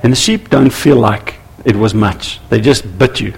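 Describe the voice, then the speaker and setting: A man preaching a sermon to church leaders, animated and acting out little scenes with voices. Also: mid-range voice, normal speed, gravelly, slightly rough. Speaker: pastor.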